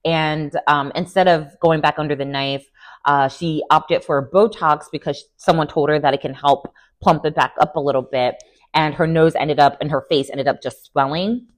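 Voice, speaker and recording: A woman hosting a casual reality TV recap, animated and sassy, full of slang and quick laughs. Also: low voice. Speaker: TV recap host.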